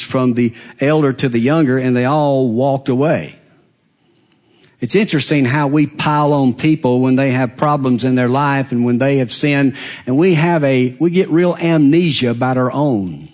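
A medium-pitched man preaches a sermon, swinging dramatically between hushed, quiet passages and loud, raised ones.

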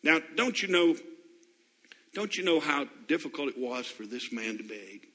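A man's voice: on the high side, very animated, normal speed, sharp tone, big-room sound. A man preaching a sermon as pastor, questioning his congregation and building to impassioned appeals.

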